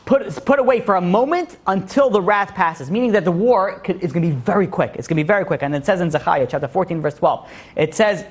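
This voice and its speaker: Fast-talking man teaching a Torah class. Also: high voice, lively intonation. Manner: rambling, many restarts and fillers. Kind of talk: Torah lecture.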